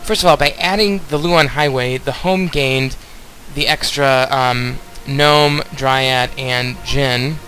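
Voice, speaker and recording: A man's voice: mid-range voice, fairly even intonation, takes it slowly, hardly any pauses, bright, forceful tone, faint music behind, rough recording. A young man casually commenting on a video game as he plays, rambling and talking straight to his viewers. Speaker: let's play host.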